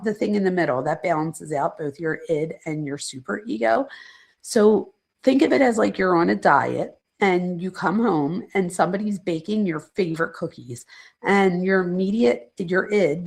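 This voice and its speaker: Middle-aged woman, host, gravelly voice, somewhat low, chatty lecture to viewers. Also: a little mellow. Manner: chatty, rambling, self-deprecating asides; addresses chat viewers directly. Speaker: psychologist and true crime channel host. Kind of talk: casual livestream lecture chat.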